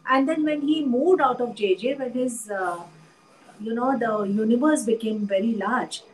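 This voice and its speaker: Woman, Indian English accent, art historian, measured and thoughtful, fairly high pitch. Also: slight background noise, rough recording. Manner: thoughtful, measured, with many pauses and fillers. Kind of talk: interview conversation.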